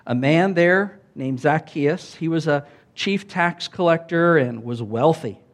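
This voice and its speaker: Man, pastor, sermon, fairly high voice, chatty, animated, conversational preaching. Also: unhurried. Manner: conversational, animated preaching with many "like"s and calls of "Amen?".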